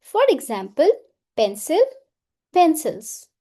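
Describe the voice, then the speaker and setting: Patient female teacher, high and mellow voice, unhurried, repeats vocabulary and translates it. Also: big pitch swings. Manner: patient, repeats each word then translates it. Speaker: French teacher. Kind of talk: beginner language lesson.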